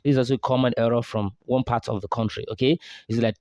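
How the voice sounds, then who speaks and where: A man from Nigeria, teaching recitation and drilling sounds slowly over and over. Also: medium pitch, fairly even intonation, a little mellow, no room sound, clean studio sound. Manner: slow drawn-out model syllables, repeated drills. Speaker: tajweed teacher. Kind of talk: recitation lesson.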